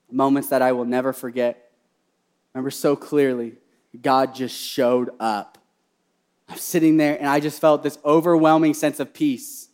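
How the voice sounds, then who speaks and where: A young man preaching a sermon, repeating key phrases and swinging from hushed personal storytelling to loud, fervent cries. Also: mid-range voice, clear, resonant tone. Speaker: pastor.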